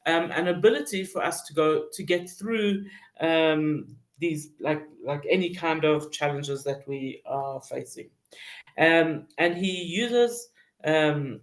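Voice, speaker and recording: Halting woman teaching Psalms, roomy sound. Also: deep voice. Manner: halting, searching for words, reads Hebrew phrases then translates. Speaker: Torah teacher. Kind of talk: verse-by-verse Psalm class. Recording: roomy echo.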